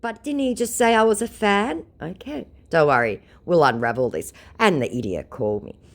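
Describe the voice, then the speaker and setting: A lowish, very animated female voice moves at a moderate pace as a vlogger describes her exchanges with scammers. She tells it casually, in a sarcastic and mocking tone.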